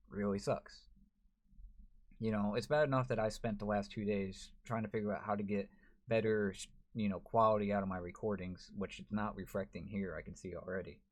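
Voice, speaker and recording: A man, a gaming YouTuber, talking to camera in a frustrated, rambling way, full of restarts. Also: fairly low pitch. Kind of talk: emotional to-camera vlog.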